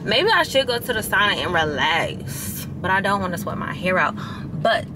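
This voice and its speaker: A woman's voice: mid-range voice, normal speed, noisy background. A young woman vlogger, talking casually to her viewers while venting and chatting. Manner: chatty, venting, expressive, addresses viewers as y'all. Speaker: lifestyle vlogger. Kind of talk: casual vlog talk to camera.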